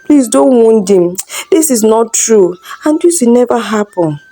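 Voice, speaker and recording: A woman's voice: fairly high pitch, expressive, unhurried, warm tone, no room sound, voice pushed up. A woman voicing a young wife on her knees, begging her husband to believe she is innocent. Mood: desperate pleading. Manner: begging, tearful pleading. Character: desperate pleading wife, young adult.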